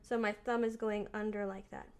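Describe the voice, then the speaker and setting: A woman piano teacher talking through her practice in a relaxed, chatty way, thinking aloud as she plays. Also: medium pitch, a little fast. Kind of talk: casual piano practice lesson. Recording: voice over loud piano playing. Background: piano playing.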